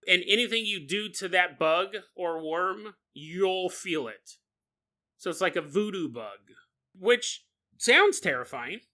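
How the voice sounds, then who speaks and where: A man with a high, very bright voice hosts a comedic folklore podcast. He jokes constantly, laughs often and breaks into quick silly character voices mid-story. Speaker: podcast host.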